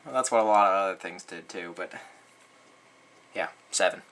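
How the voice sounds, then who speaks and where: Talking at a normal speed with long pauses, a man gives a rambling, sarcastic movie review, leaning heavily on "like" and "um." He's animated, with frequent pitch jumps, and a little hiss or hum sits under the audio.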